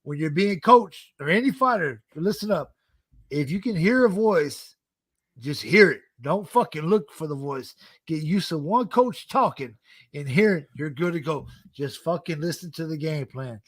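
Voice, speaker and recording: Middle-aged podcast co-host, high-set voice, dry close mic, loose and profane. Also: male voice, animated, no room sound. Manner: laughs often, swears, drawn-out. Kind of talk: casual chat.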